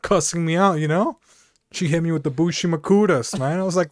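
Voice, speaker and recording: A man's voice: fairly high pitch, fairly quick, no room sound, clean studio sound. Rambling man telling stories, "dude" every line. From Mexico. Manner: rambling, peppers talk with "dude" and "you know". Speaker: podcast co-host. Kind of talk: casual comedic storytelling.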